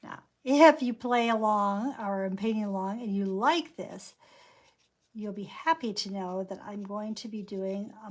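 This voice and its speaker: A woman teaching a painting class, talking through each brushstroke as she works. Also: medium pitch. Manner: chatty, narrates each brushstroke aloud. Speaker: painting instructor. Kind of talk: live painting lesson.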